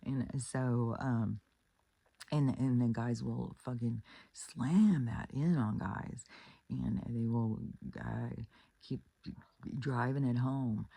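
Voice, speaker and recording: A woman's voice: very deep voice, steady tone, takes it slowly, creaky, pauses often, warm tone, breathy edge, dry recording. A woman giving relationship advice in a casual monologue, blunt and profane, retelling stories with acted-out quotes.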